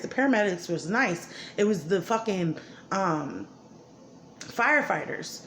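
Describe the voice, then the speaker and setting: A woman's voice: mid-range voice, lively intonation, measured pace, a bit bright. A woman ranting angrily and profanely about her life and her children's father. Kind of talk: angry personal monologue. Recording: echoey room with faint background noise.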